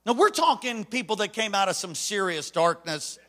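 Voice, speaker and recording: Bright-voiced storytelling preacher, a man. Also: high voice, big pitch swings, normal speed. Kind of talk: sermon.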